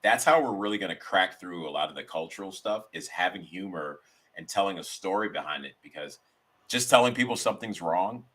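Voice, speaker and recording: A man's voice: low-pitched, expressive, brisk, a bit bright. A man guest on a podcast chatting casually, telling stories in a rambling way with frequent restarts. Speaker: guest, sketch comedian. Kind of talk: casual interview chat.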